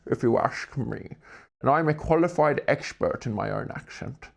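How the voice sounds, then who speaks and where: His mid-range voice is gravelly, with lively intonation at normal speed. He's an Australian man in his twenties live-streaming a jigsaw puzzle session, rambling and jokey, poking fun at himself and swearing casually.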